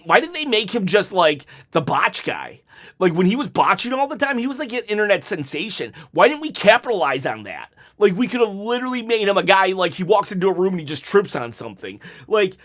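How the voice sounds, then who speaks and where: A man with a high voice talks straight to his viewers in a heated, emotional rant. He keeps restarting his sentences as his frustration spills out. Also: sing-song, fairly quick, fairly bright tone. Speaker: wrestling YouTuber. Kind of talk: ranting reaction vlog.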